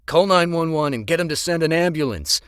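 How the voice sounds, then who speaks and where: A man's voice: on the low side, big pitch swings, a little fast, fairly bright tone, no echo, studio quality, voice pushed up. A male narrator voicing a young bartender in his twenties who gives urgent, commanding orders. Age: 20s. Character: young male bartender, decisive under pressure.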